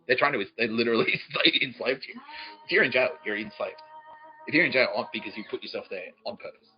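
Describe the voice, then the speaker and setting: A man hosting a comedy podcast, rambling and swearing, often laughing, swinging between mumbles and shouts. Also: mid-range voice, fast talker. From Australia. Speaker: podcast host. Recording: dull lo-fi podcast audio with faint music.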